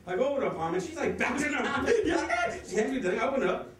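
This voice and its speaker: A nervous man doing a fast, profane stand-up comedy set on a club stage, with the audience laughing behind him. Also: extremely high pitch, recorded from a distance, noisy background. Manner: fast, excitable, profane delivery. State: nervous, sweating. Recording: echoey club audio from afar.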